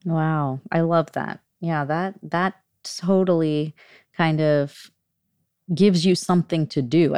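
A woman's voice: deep voice, vocal fry, a little mellow, no echo, studio quality. A woman hosting an interview, responding enthusiastically and reflecting with hedging phrases. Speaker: podcast host. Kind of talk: casual interview talk.

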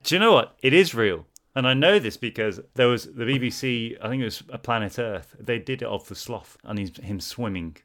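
This is a man co-hosting a relaxed chat podcast, speaking in an ordinary mid-range male voice. He is playful and jokey and likes to act out small moments while he talks. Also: medium pitch, a little fast, hardly any pauses. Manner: playful, jokey, acts out little bits. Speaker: podcast co-host. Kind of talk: casual chat.

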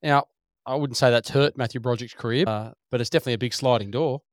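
A man co-hosting a movie podcast, briskly reading out trivia about actors. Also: medium pitch, no room sound, clean studio sound. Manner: brisk, reads out facts. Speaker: podcast co-host presenting trivia. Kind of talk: casual movie podcast chat.

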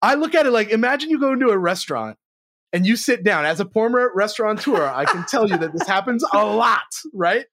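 A man speaking as a sales trainer on a podcast, energetic and blunt, swearing freely and jumping up in pitch for emphasis. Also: fairly quick, dry recording, clean studio sound. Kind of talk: casual interview chat.

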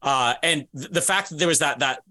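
A man's voice: fairly high pitch, a little fast, pushed and bright. A man co-hosting a sports podcast in casual chat, rambling with many restarts and fillers. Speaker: podcast co-host.

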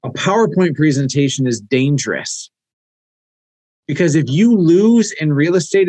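A man in his thirties, a real estate coach teaching a live online class, energetic and storytelling. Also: on the high side, unhurried, no room sound, poor audio. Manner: energetic, storytelling, acts out quoted dialogue. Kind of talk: live online training talk.

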